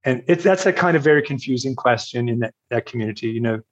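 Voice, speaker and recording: A man's voice: medium pitch, fast, muffled recording. Older man telling a rambling story. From Virginia, USA. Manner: rambling, self-deprecating, with restarts and chuckles. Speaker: podcast guest. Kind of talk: storytelling in an interview.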